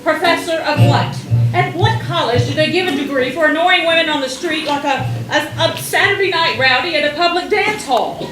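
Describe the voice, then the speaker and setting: A woman playing a prim, sharp-tongued young librarian in a stage musical, speaking in an indignant, clipped way. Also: sits high, moderate pace, over music, lightly acted. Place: theater stage. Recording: echoey stage sound from far off.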